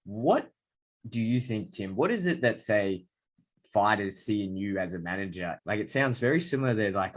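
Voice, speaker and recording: A man's voice: on the low side, moderate pace. A man hosting a podcast, asking eager questions with long setups in a conversational way. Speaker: podcast host. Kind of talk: conversational interviewing.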